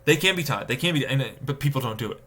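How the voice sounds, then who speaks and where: A man live-streaming a casual rant, swearing and exasperated, mocking others with sudden high-pitched outbursts. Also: animated, quick pace, bright, forceful tone, breathy edge.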